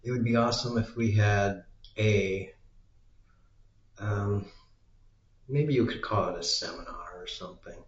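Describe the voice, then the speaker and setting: An American man musing aloud in a slow, meandering solo monologue, trailing off into fillers. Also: on the low side. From United States. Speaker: vlogger. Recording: dull lo-fi sound in an echoey room.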